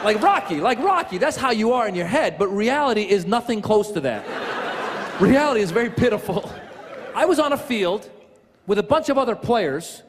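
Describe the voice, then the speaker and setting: High-pitched male stand-up, self-mocking, echoey room with an audience. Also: normal speed, background noise. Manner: animated, self-mocking storytelling. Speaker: stand-up comedian. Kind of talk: stand-up set. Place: comedy stage. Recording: echoey venue with loud audience.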